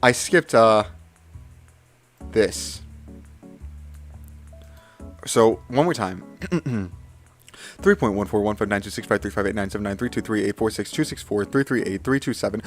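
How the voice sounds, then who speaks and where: A man's voice: on the low side, expressive, measured pace, pauses often, faint music behind. A young man live streaming a memory challenge, reciting strings of digits in bursts and correcting himself with flustered apologies.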